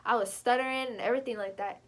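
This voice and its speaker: A young woman vlogger with a fairly high voice tells a personal tale in a loose, chatty way, full of fillers. She gets animated and leaps up in pitch whenever she quotes herself. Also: fast. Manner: animated, jumps high when quoting herself. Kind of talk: casual storytime.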